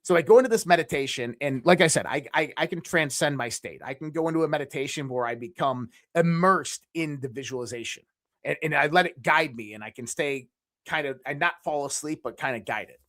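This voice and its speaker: As a guest on a podcast, a man tells a personal story in an animated, casual way, often restarting sentences and swearing now and then. His voice is a little high and a little fast.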